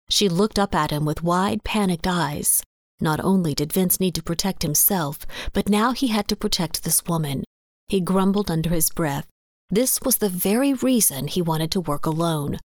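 A woman narrating a western story in a steady, even reading voice. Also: on the low side, moderate pace, no room sound, clean studio sound. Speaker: audiobook narrator.

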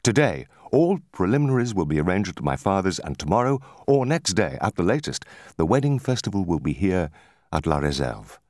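A man's voice: low voice, very animated, brisk, a little mellow, no echo, clean studio sound. A man voicing an earnest, courteous young sailor full of happy eagerness.

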